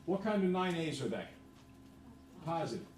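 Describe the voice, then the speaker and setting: A man's voice: fairly high pitch, big pitch swings, normal speed, a little mellow, slight background noise. A man who teaches math, lecturing his class and then working through problems with his students.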